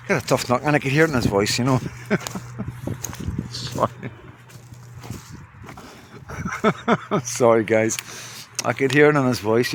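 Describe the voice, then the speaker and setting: A man's voice: on the high side, fairly bright tone, a little hiss or hum. A man telling a rambling, swearing story to his viewers and laughing along as he goes. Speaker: vlogger. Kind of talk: casual storytelling to camera.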